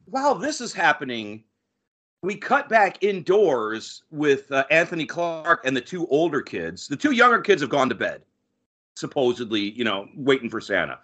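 Bright, animated man recapping a sitcom. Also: fairly high pitch, normal speed. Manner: animated, acts out quoted lines. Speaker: podcast host. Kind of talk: casual chat recapping a TV episode.

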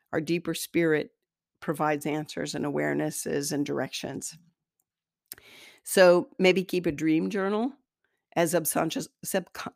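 Woman with a gravelly edge, chatty self-help talk, dry close sound. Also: sits low, darkish tone, no room sound. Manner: candid, conversational, self-deprecating. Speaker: host, energy healer. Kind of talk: spoken self-help monologue.

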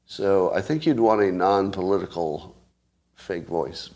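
A man's voice: low voice, measured pace, a little mellow. A man from California hosting a show, chatting casually and joking as he rambles between topics. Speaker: host. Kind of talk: casual chat with listeners.

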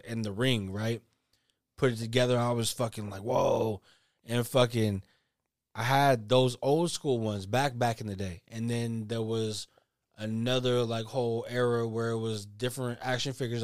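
A laid-back man on a casual podcast with a medium-pitched voice, recorded dry and close. He drifts through a story in loose street slang and swears often. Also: dry recording. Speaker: podcast co-host. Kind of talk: casual chat.

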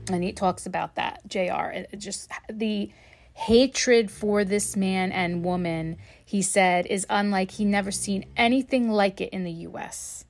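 A woman's voice: medium pitch, a little slow. Woman, podcast host, casual commentary, blunt and profane, speaks directly to the listener. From United States. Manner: blunt, heavily profane, talks straight to the listener. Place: home.

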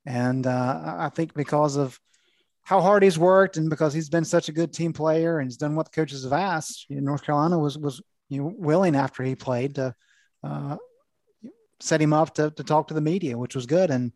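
A man with a fairly high voice, a veteran sports reporter, explains at length in a calm, measured way. His voice is dry and close to the mic. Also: no echo. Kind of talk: casual sports analysis.

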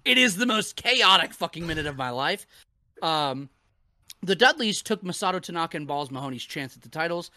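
A man's voice: on the high side, lively intonation, brisk, bright, forceful tone, no echo. A man co-hosting a podcast, recapping wrestling matches in casual, profane chat and laughing often. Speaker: podcast co-host.

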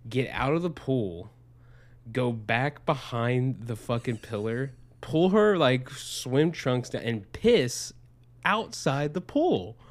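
A young man casually telling a rambling, profane story on a podcast, with lots of fillers. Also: medium pitch. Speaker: podcast co-host. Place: Arizona.

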